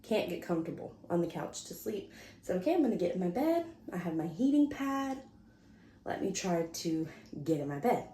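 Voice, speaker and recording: A woman's voice: lowish voice, normal speed, slight background noise. A woman vlogger chatting casually to the camera, telling a story and acting out what people said. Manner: animated, chatty, acts out quotes. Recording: echoey room.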